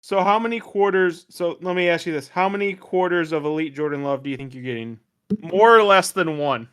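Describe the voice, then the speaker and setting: A man's voice: fairly high pitch, brisk, fairly bright tone, clean tone. A man co-hosting a casual sports betting podcast, pushing back at his co-host in an exasperated way. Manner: exasperated, pushes back hard.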